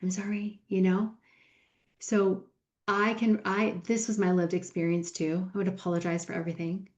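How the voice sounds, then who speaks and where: A woman co-hosting a podcast as a coach, explaining steadily in a gentle teaching tone. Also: lowish voice, little pitch movement, moderate pace, echoey room. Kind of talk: casual podcast conversation.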